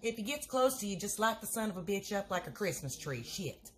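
A woman putting on a low, scoffing girlfriend. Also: big pitch swings, a little fast, natural voice. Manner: scolding, exasperated, drawling. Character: blunt, scoffing grown woman friend with a low voice. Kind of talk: comedy sketch.

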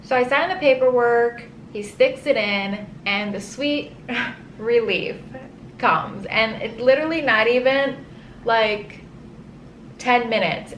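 Animated woman telling a story, roomy. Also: a little high, unhurried. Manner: animated, dramatic, says "like" often. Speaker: vlogger telling her birth story. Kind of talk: casual storytelling. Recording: roomy echo with faint ambient hiss.

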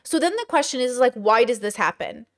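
A woman's voice: fairly high pitch, lively intonation, quick pace. A woman hosting casual commentary, talking in a chatty way with many fillers and rhetorical questions. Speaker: commentary host.

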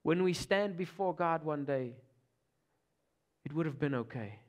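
A pastor with an Afrikaans South African accent preaching a sermon, swinging from loud urgent calls to hushed, near-whispered passages. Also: male voice, fairly high pitch, lively intonation, a little slow, highs cut off.

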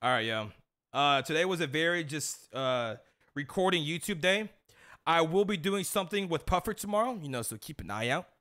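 A man's voice: a little high, lively intonation, normal speed, sharp tone. A young man streaming, chatting casually with slangy banter and telling a funny story about his dad. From Mexican-American family. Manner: laid-back slangy banter, laughs at his own stories.

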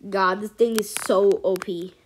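A woman giving casual, excitable let's-play commentary as host of a gaming channel, chatty and cheering at her wins. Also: medium pitch, measured pace, a little hiss or hum.

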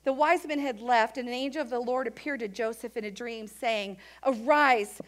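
A woman pastor preaching a sermon in a church, animated and acting out the voices of the people in her story. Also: a little high, brisk. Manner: animated, acts out quoted voices of Mary and others.

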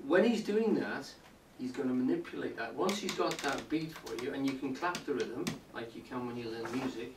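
A man's voice: mid-range voice, animated, moderate pace, hardly any pauses. A man giving a public talk on poetry to a live audience, explaining step by step and often checking in with the listeners. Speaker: lecturer. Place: indoor room with a live audience. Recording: roomy, distant, faint hiss.

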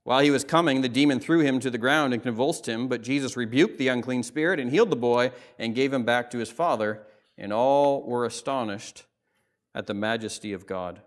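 A man's voice: medium pitch, brisk. Man preaching a conversational sermon. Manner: expository preaching, conversational asides with "right?" and "like". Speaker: pastor. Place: church sanctuary.

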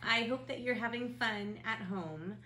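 A woman teacher reading a picture book aloud to young children from her home, in an animated sing-song way. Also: on the high side, measured pace, background noise. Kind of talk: children's story read-aloud.

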